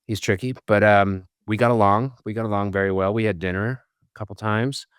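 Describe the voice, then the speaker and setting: A middle-aged man from Boston, an actor telling self-deprecating stories as a podcast guest, with halting restarts. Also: on the low side, fairly even intonation, clear, resonant tone, no echo, studio quality. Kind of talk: casual storytelling interview.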